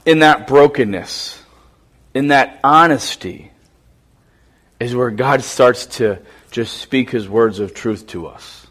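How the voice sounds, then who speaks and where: A man preaching a sermon, impassioned and shifting from hushed reflection to emphatic appeal. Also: mid-range voice, takes it slowly, husky. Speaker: pastor.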